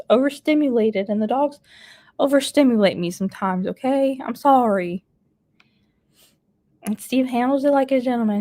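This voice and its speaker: A woman's voice: a little high, unhurried, pauses often, a little mellow. A woman hosting a casual live stream, chatting and laughing as she reads out viewer comments. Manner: chatty, laughs often while reading comments aloud. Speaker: live streamer reading chat.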